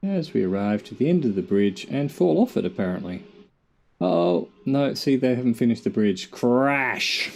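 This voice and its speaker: A man's voice: medium pitch, sing-song, normal speed, creaky, mellow. A middle-aged Australian man giving casual gameplay commentary, muttering to himself with dry, self-mocking jokes. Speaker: gamer.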